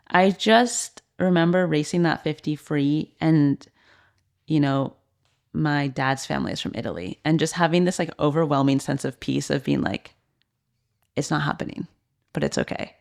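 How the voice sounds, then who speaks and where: A woman's voice: deep voice, a little slow, creaky, darkish tone. A woman in her thirties, a former swimmer and coach, candidly telling her story as a podcast guest, full of "like" fillers. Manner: earnest, heavy use of "like" fillers.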